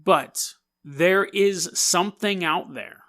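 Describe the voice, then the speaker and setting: Podcast host, male, bright and higher-pitched, animated storyteller. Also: takes it slowly. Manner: animated, conversational, quotes friends in his own voice. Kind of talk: personal storytelling.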